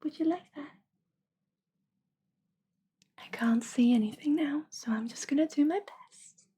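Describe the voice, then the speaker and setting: A woman with a Swedish accent hosting a livestream as an intuitive reader, talking softly and often half-whispering, affectionate with viewers. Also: sits high, a little slow. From Sweden.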